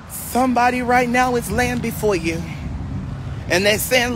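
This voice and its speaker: A woman preacher on a live stream, praying in a slow chant and breaking into speaking in tongues. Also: on the high side, background noise. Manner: slow, chanting, repetitive prayer with bursts of tongues. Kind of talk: livestream prayer and speaking in tongues.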